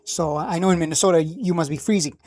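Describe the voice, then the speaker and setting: A man's voice: a little high, quick pace, darkish tone. A man hosting a stock live stream, chatting casually and repeating himself while he clicks through screens at home.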